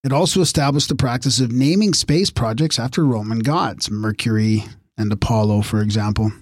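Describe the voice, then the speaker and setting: A man's voice: medium pitch, fairly even intonation, moderate pace, no room sound. A man co-hosting a casual podcast, reading notes aloud and breaking off for his own asides. His voice is getting worn, and the sound is close and dry with no room around it. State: losing his voice. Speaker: podcast co-host.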